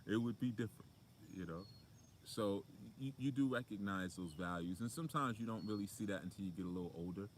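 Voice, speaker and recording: A man's voice: on the low side, fairly quick, slight background noise. A man, a spiritual motivational speaker, talking outdoors in a casual, preachy way with lots of fillers. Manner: conversational, preachy, with frequent fillers.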